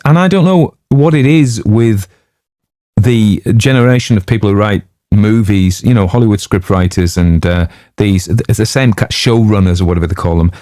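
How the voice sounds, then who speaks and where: A man's voice: lowish voice, a little mellow, dry recording, studio quality. A man chatting casually before reading a story, rambling off on digressions, with lots of fillers and jokey asides. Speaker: audiobook narrator introducing a story.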